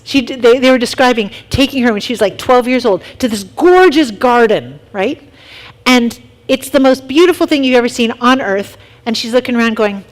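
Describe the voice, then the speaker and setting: Bright-voiced woman telling lively stories. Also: on the high side, a little fast. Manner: lively storytelling, asks the group questions. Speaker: youth leader speaking to middle schoolers. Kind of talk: casual youth talk.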